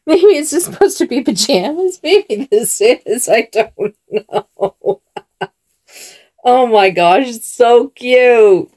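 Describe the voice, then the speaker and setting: A woman's voice: a little high, lively intonation, slow, darkish tone. A woman vlogger chatting casually while she dresses dolls, talking in a chatty way and laughing often. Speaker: doll channel vlogger.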